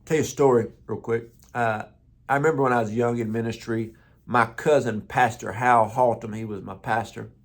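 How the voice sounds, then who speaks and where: A man's voice: mid-range voice, steady tone, moderate pace. A man who is a pastor, giving a conversational motivational morning talk with stories and repeated words.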